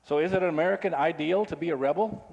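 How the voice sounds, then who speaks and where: A man gives a sermon in an easy, conversational manner and keeps asking his listeners questions. His voice sits a little high for a man. A long reverb from the hall trails after his words. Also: fast, gravelly, a little mellow, dull audio. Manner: conversational, asks the audience questions. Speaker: pastor.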